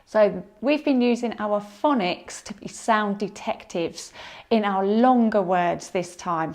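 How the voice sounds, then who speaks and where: A woman teaching a phonics lesson to young children, sounding out words slowly and encouraging them. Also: on the high side, a little mellow. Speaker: primary school teacher.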